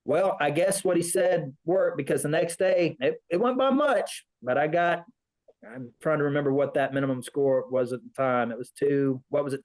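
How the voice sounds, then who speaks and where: A veteran tells a rambling story casually in an interview, acting out the voices of the people he quotes. His voice is a little high and a little mellow, and the recording is rough.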